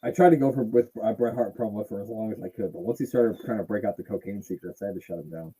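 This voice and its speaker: A man's voice: lowish voice, fast talker, mellow, husky, rough recording. A man hosting a casual wrestling podcast, joking around, swearing a lot and riffing on the footage. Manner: joking, profane, riffs in funny voices. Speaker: podcast host. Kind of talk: casual chat.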